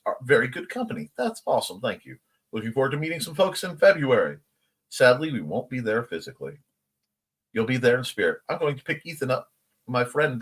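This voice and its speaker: A man with a medium-pitched, husky voice hosts a casual morning livestream chat. He reads viewer comments aloud and laughs along with them.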